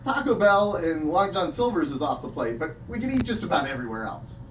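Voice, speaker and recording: A man works through a crude stand-up set, laughing at his own punchlines and stumbling over fillers. His voice sits a little high and jumps around a lot. He's heard from some distance in an echoey room over a noisy background. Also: big pitch swings, brisk, a bit bright. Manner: crude jokes, frequent filler words and self-laughing. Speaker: stand-up comedian. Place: small comedy room with audience. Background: audience laughter and chatter.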